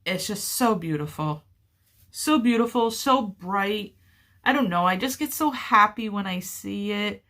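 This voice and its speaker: A woman's voice: mid-range voice, expressive, unhurried, a bit bright. A woman hosting a crochet-along video, talking casually and gushing cheerfully about her project and her mother's blanket. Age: adult with children. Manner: chatty, gushing and upbeat. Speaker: crochet vlogger.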